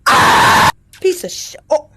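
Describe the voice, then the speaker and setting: Brash female VR streamer, shrill and shouty, unhurried delivery, curses and meows, noise under the voice. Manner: brash, profane, yelling often, meowing. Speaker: VR gamer. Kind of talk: let's-play commentary. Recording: audible background noise.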